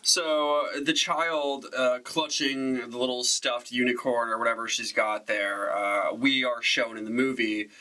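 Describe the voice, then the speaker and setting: A man's voice: mid-range voice, steady tone, measured pace, few pauses, pushed and bright, rough recording. A man co-hosting a movie podcast, chatty and sardonic, often laughing through trivia. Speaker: podcast co-host. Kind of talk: casual chat.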